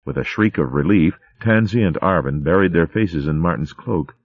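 Deep-voiced man reading a storybook. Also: moderate pace, no echo, lo-fi sound. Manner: steady, vivid reading. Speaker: narrator. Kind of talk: storybook narration.

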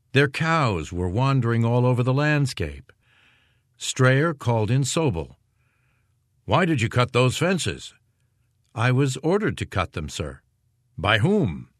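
A man narrates a war history in a low voice that rises and falls with plenty of expression. His delivery is measured and storyteller-like. The recording is dry, with no room sound. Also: no echo. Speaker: audiobook narrator. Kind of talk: scripted narration.

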